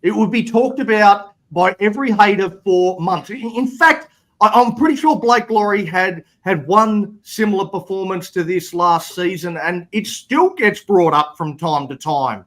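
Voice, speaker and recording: A man co-hosting a fan podcast, his voice sitting fairly high for a man. He rants bluntly and swears freely, worked up and annoyed at his team. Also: normal speed, a bit bright. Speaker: podcast co-host. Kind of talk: casual fan panel chat.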